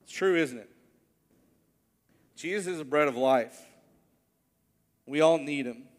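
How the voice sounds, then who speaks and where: Brief: male pastor, earnest storytelling sermon, slightly high voice, long hall reverb. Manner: earnest storytelling preacher, slows on key words. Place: church sanctuary.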